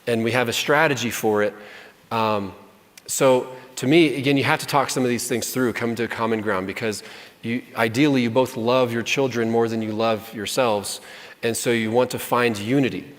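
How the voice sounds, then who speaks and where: A man giving casual parenting advice to an audience in a relaxed, self-deprecating way, slipping into quoted voices as he talks. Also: medium pitch, normal speed. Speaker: marriage and parenting speaker. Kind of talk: casual talk answering audience questions. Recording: long hall reverb.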